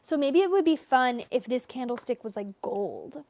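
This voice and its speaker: Drawing live for her viewers, a young woman keeps up a casual, rambling chat and reads their comments aloud. Her high, animated voice is a little mellow, with some vocal fry, at a normal speed, captured without echo.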